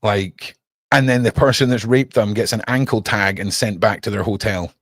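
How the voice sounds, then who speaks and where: A Scottish man ranting on his live stream, profane and heated, his voice climbing high and loud in bursts. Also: normal speed, dry recording, studio quality. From Scotland.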